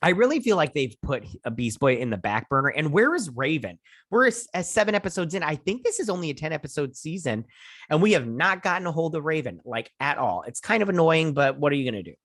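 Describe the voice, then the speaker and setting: A man's voice: on the high side, big pitch swings, quick pace, fairly bright tone, dry recording, studio quality. A man hosting his own channel, giving a casual, rambling recap and review of a TV episode. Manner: rambling, chatty, lots of "he's all like" retelling. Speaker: TV show reviewer and channel host.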